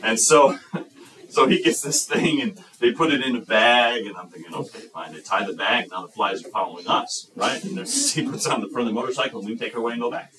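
A man's voice: mid-range voice, fairly quick, a crowd in the background. A man from the United States preaching a sermon, telling a story and acting out voices and sounds as he goes. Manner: animated storyteller, acts out voices and sound effects. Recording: roomy, from a distance.

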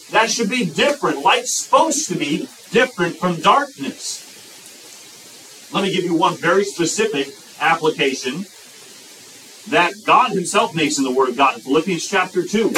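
A man delivers a sermon in a fairly high voice, pressing his points through repetition. He slows right down whenever he quotes scripture. The mic sits at some distance, and a faint hiss runs under his voice. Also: fairly bright tone. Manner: emphatic, repeats phrases, slows for quoted scripture. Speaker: preacher.

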